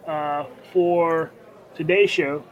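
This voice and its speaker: A man co-hosting a casual talk show, joking and tossing in quick quips. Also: on the high side, fairly even intonation, highs cut off. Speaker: podcast co-host. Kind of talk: casual chat.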